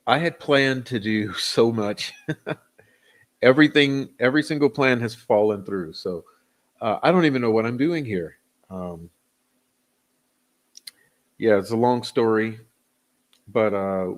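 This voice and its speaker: In this clip a man with a lowish voice hosts a casual livestream, speaking at a measured pace with long pauses. He greets viewers by name as he reads out chat names and rambles loosely, full of chuckles and fillers.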